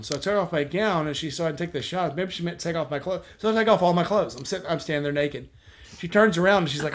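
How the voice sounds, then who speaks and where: A man's voice: fairly high pitch, fast, a bit bright, slight background noise. A man hosting a casual chat with friends, telling a long rambling anecdote full of quoted dialogue and restarts. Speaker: host.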